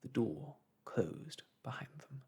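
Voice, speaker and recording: A man reading a classic novel aloud in a soft, hushed ASMR storytelling style. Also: mid-range voice, very animated, slow pace. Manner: hushed, breathy and gentle.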